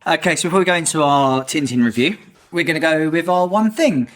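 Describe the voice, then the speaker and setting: A man's voice: a little high, a little fast. A man hosting a podcast, reading wry, mock-formal introductions and chatting casually. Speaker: podcast host.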